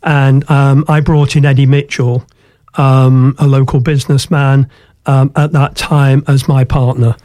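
An older Englishman tells his story earnestly, pausing on ums and restarting his sentences. His voice is dark and mellow. It is recorded dry and close. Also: medium pitch, level tone, no echo. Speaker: guest, former football club chairman. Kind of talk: radio interview storytelling.

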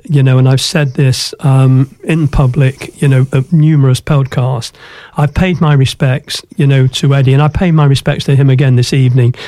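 Casting note: older man, radio guest, earnest and halting, dark mellow tone, dry close sound. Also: mid-range voice, no echo. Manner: earnest, many ums and restarts. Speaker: guest, former football club chairman. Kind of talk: radio interview storytelling.

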